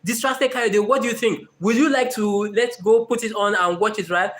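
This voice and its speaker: A man's voice: high-pitched, fairly even intonation, moderate pace, a bit bright, pitched above the performer's own voice. A man voicing his own dream self, a coaxing and then stern inner coach. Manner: persuading, then scolding.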